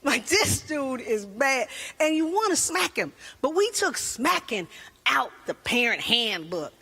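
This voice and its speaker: High-voiced woman doing stand-up. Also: a little slow, gravelly, husky. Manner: animated storytelling with voices. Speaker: stand-up comedian. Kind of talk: stand-up comedy routine.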